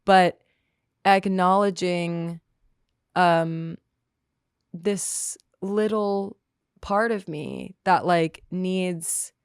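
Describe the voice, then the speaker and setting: Slow, reflective woman guest, smooth voice. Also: lowish voice, fairly even intonation, no echo, clean studio sound. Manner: reflective, halting, heavy use of "like". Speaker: podcast guest, musician. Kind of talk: candid conversational interview.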